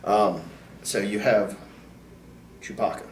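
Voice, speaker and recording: Animated man, distant roomy mic. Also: lowish voice, takes it slowly, a little hiss or hum. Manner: animated, gets loud and excited in stories. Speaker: podcast guest, independent wrestler. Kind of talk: casual storytelling chat. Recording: roomy echo, distant mic, faint ambience.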